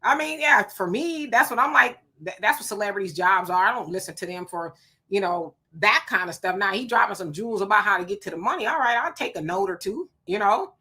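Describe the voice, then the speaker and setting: A woman hosting a live talk stream, chatting casually and reading viewer comments aloud in an animated way. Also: medium pitch, fairly quick, husky. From California. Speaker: live show host.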